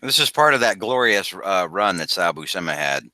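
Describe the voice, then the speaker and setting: A man co-hosting a comic book podcast in casual chat, deadpan and rambling with many restarts. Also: sits low, fairly quick, no room sound. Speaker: podcast co-host.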